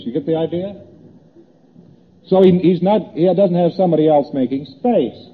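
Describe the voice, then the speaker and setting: Speaking at normal speed with long pauses, a man with a slightly rough, somewhat high voice delivers a conversational lecture. He walks through graphs on a board, repeats himself and acts out small exchanges, all on tinny old tape in a reverberant hall.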